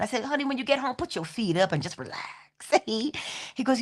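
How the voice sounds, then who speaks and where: Middle-aged woman inspirational speaker, animated and expressive, likes rhythmic repeated phrases. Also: quick pace. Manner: animated, swoops high in pitch, laughs often. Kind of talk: spiritual motivational talk.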